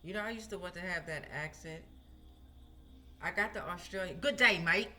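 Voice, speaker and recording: A woman's voice: on the low side, normal speed, sharp tone. A woman giving a casual tarot reading, chatting to her viewers and often asking "right?". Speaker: tarot reader.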